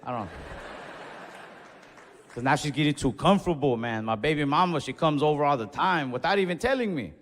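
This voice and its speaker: Young man, stand-up comic, laid-back deadpan delivery, slightly high voice, reverberant club hall, faint crowd. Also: normal speed, long pauses, a little hiss or hum. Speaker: stand-up comedian. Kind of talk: stand-up comedy set. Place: comedy club stage.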